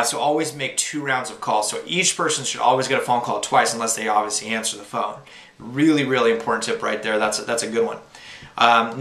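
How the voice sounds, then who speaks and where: A man's voice: medium pitch, bright, forceful tone, echoey room. Upbeat young man coaching sales calls. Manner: casual, upbeat, many fillers and uh's. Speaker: sales trainer. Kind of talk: instructional talk to new reps.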